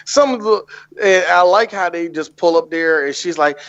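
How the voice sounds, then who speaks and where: A man's voice: sits high, moderate pace, muffled recording. A man co-hosting a casual movie podcast, joking, laughing and acting out scenes. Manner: animated, laughing, acts out movie lines in loud voices. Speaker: podcast co-host.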